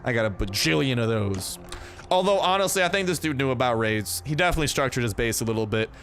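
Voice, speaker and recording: A man's voice: mid-range voice, animated, fast, fairly bright tone, slight background noise. A young man giving casual, slangy gameplay commentary, chatty and full of jokey asides.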